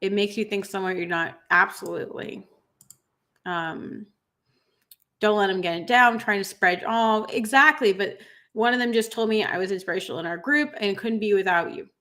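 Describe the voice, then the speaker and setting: A woman in her thirties hosting a livestream, tearful after crying, reading viewer comments in an earnest, halting way with many fillers. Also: mid-range voice, a bit bright. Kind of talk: emotional livestream chat.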